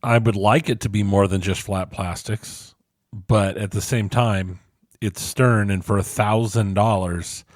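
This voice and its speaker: Man, podcast co-host, dry self-deprecating humor, reads aloud, low voice, dry sound. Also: steady tone, unhurried, no room sound. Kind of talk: casual podcast chat and reading aloud.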